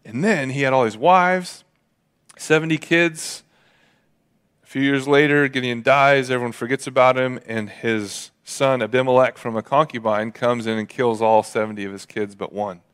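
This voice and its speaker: A man preaching a sermon, retelling a Bible story casually and acting out the characters' lines in quick voices. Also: mid-range voice, fairly even intonation, fairly bright tone, smooth. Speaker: pastor.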